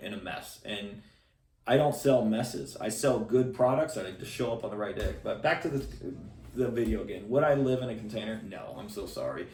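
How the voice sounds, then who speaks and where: A man's voice: mid-range voice, darkish tone. A middle-aged man speaking casually and bluntly to camera as a salesman and channel host, rambling with many restarts and fillers. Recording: echoey room, voice a bit far from mic.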